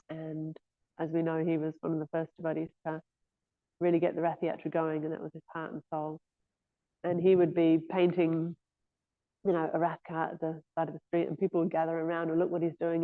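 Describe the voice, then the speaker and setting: A woman giving an informal scripture class in a temple, speaking hesitantly with frequent "um" and "yeah" fillers. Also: fairly low pitch. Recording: thin phone-like lo-fi audio.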